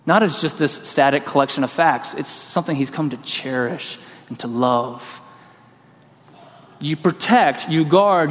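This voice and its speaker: Man preaching in a reverberant church. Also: a little high. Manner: storytelling, acts out quoted voices. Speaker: pastor. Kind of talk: sermon.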